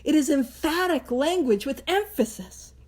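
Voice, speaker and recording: A woman hosting a recovery book study, explaining the reading in a casual, animated way and acting out little voices and jokes. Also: high-pitched, unhurried. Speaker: host of a Big Book study. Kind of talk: casual teaching talk.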